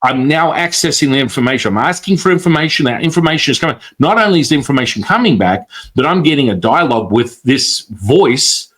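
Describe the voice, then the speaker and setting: A man's voice: mid-range voice, a little fast, few pauses. A man telling a story in casual conversation as a guest, acting out the voices of the people he quotes. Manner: animated, acts out quoted voices.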